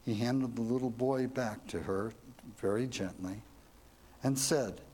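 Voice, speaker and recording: A man's voice: mid-range voice, unhurried, a little mellow, husky. A man telling a devotional story as a sermon, earnest and reflective, ending with questions to his listeners. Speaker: preacher.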